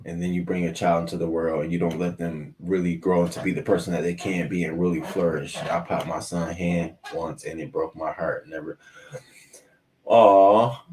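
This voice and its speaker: Lowish-voiced man hosting a casual show. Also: brisk, hardly any pauses, a little hiss or hum. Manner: animated, swearing, talks back to viewer comments. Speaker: host of a morning news show. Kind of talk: casual livestream news commentary. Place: at home, in a swivel chair.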